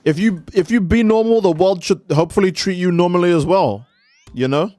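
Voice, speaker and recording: A man's voice: high voice, fairly quick, a little mellow, no echo. A man streaming a game, rambling in casual, profane commentary and acting out little skits of people. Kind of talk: casual let's-play commentary.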